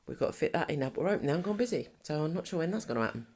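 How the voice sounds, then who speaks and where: A woman's voice: deep voice, expressive, rapid-fire, a little mellow, breathy edge. A middle-aged woman, co-hosting a podcast in casual, teasing chat and laughing often. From England. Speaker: podcast co-host.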